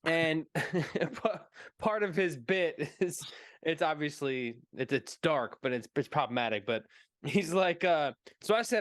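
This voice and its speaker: A man on a casual movie stream tells a story with lots of energy, slipping into the voices of the people in it and laughing as he goes. His voice sits a bit high for a man, and the sound is dry and close. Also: a little slow, dry recording. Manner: animated storyteller, acts out quotes, laughs often. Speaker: podcast co-host. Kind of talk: casual movie chat, retelling a comedian's story.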